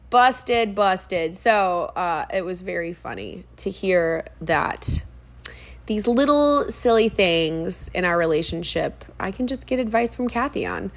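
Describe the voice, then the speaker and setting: A young woman who works as a fitness trainer, hosting a casual solo podcast with a chatty, animated manner and lots of ums and asides. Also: lowish voice. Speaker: podcast host.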